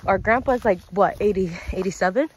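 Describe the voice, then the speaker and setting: A woman's voice: medium pitch, fairly quick, slight background noise. A young woman from the Dominican Republic, vlogging while hiking up a mountain trail, out of breath and laughing often, with her family talking nearby. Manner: breathless and giggly, with frequent laughs. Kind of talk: casual vlog chat. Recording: other voices chattering nearby outdoors.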